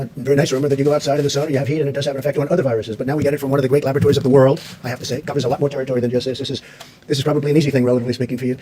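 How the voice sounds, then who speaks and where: A man's voice: mid-range voice, warm tone, slight background noise. Combative man at a press briefing. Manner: combative, repetitive phrasing. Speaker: president.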